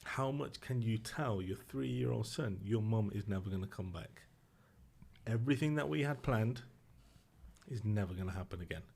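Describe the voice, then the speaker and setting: Subdued low-voiced man. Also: vocal fry, darkish tone. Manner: subdued, emotional, halting with restarts. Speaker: podcast guest. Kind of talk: personal storytelling.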